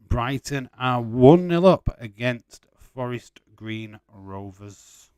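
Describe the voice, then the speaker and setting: With a slow, clean, slightly mellow mid-range voice and few pauses, a man hosts a casual watch-along on a dry recording. He reads and responds to viewer chat, teases people, calls out match updates, and swears freely.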